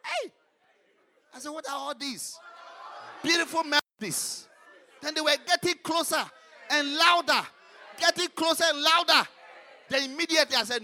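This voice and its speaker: A man preaching a fervent sermon, swinging between shouted lines and low murmurs. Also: normal speed, pauses often, a faint crowd, slight background noise.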